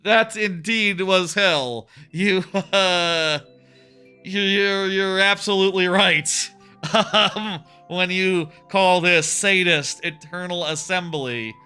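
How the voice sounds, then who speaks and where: Male streamer, thirties, rambling casual game-stream chatter, bright sharp voice, music faintly behind. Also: high voice, slow pace, clean tone. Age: 30s. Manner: rambling, many fillers and restarts. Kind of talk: casual live-stream chat while playing.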